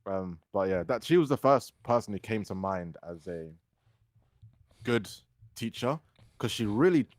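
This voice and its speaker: A young man, co-hosting a casual podcast and telling animated stories. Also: lowish voice, unhurried, dry recording, studio quality. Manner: storytelling, animated when quoting others. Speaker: podcast co-host. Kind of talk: casual chat.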